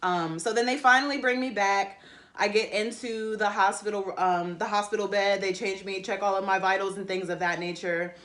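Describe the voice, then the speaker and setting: A woman's voice: mid-range voice, steady tone, normal speed, fairly bright tone. A woman telling a personal story to camera, rambling and emotional, with many fillers and restarts. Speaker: vlogger.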